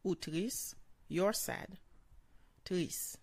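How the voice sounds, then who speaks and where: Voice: mid-range voice, drawn-out words, no echo. A language teacher giving a short vocabulary lesson, saying each word several times and then translating it.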